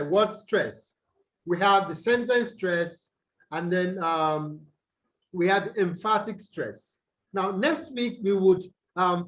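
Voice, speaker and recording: High-voiced Nigerian man teaching a class. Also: rough recording. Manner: explains step by step, asks students to answer. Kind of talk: online English lesson over video call. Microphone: video call.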